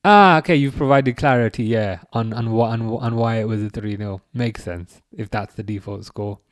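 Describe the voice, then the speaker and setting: A man's voice: on the low side, normal speed, dry recording, clean studio sound. Young man streaming a football watchalong. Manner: excitable outbursts at chances, chatty asides. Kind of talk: live match reaction and chat reading.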